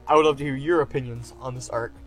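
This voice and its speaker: A man's voice: medium pitch, steady tone, fast talker, no room sound, faint music behind. A man giving a casual, enthusiastic review, rambling with lots of fillers. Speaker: anime reviewer.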